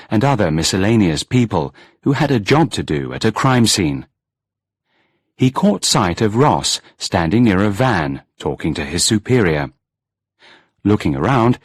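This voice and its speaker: Husky low-voiced male storyteller. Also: dry recording, studio quality. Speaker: audiobook narrator. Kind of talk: scripted storybook narration.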